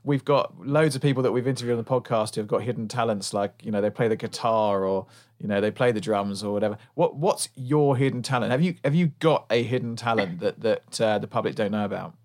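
A man's voice: lowish voice, quick pace, a little mellow. Rambling friendly male podcast host. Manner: friendly, rambling questions, stammers. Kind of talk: casual chat.

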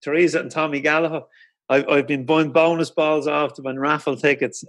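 A man's voice: a little high, little pitch movement, fairly quick. A man hosting an interview, asking questions with enthusiasm and frequent restarts. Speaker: podcast host. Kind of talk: casual interview.

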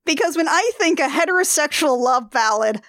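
Woman, chatty, lots of fillers, incredulous questions, fairly high voice. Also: lively intonation, brisk, a bit bright, dry recording, clean studio sound. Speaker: podcast co-host. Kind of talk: casual comedic chat.

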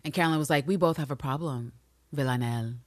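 Woman podcast co-host, lively and swearing, acts out scenes, low voice, dry sound. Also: fast talker, no echo. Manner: animated, profane, acts out characters in scenes. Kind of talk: casual recap chat.

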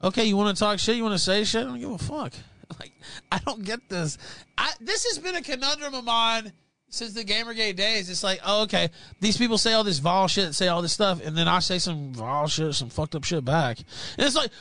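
A bright, high-voiced man rants on a livestream, with his pitch leaping around wildly as he shouts curses and then drops to a mutter. The sound is close and dry. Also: animated, fairly quick, no room sound. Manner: shouting, swearing, mocking, swings between yelling and muttering. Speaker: livestream host. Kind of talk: angry profane rant.

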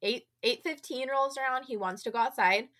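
A woman's voice: high voice, normal speed, a bit bright. A young adult woman hosting a podcast from home, chatting casually and putting on playful voices for her dogs. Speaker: podcast host. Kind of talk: casual chat. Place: home, remote recording.

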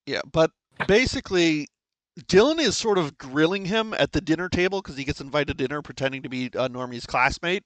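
A man co-hosting a podcast, excitedly recapping comics in a rambling casual chat with many restarts. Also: fairly high pitch, fairly quick, dry recording, rough recording. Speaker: podcast co-host.

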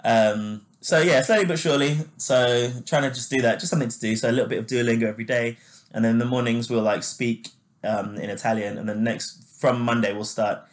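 A man's voice: mid-range voice, steady tone, brisk. A man co-hosting a casual chat podcast, talking loosely with lots of fillers and laughing easily. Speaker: podcast co-host.

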